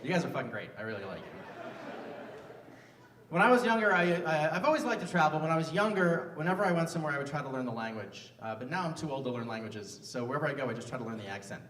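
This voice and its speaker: A man's voice: a little high, sing-song, quick pace, fairly bright tone, a little hiss or hum. A man in his fifties doing a live stand-up set on a stage mic, self-mocking and bantering with the crowd. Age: 50s. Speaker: stand-up comedian. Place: large live music venue on stage. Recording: roomy venue sound from a distance.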